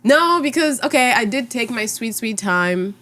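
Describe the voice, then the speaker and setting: A woman's voice: on the high side, expressive, normal speed, pushed and bright. Teasing woman. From Czech Republic. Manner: teasing, laughs often. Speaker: podcast guest. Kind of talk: casual chat.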